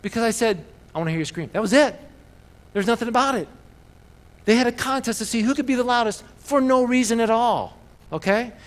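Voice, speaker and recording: A man preaching a sermon as a pastor, telling stories with bursts of loud excitement. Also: very high-pitched, fairly quick, long reverb tail.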